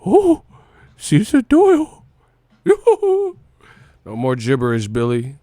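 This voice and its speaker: A man's voice: a little high, wildly swooping pitch, dark tone, no echo, clean studio sound, heavily acted. A man voicing a giddy, silly grown man-child in a squealing, singsong voice. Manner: squealing, drawn-out, singsong delivery.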